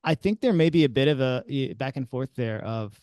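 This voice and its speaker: A man answering as a guest expert, thoughtful and pausing with fillers. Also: mid-range voice, animated, a little mellow, smooth, no echo. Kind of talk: interview answers.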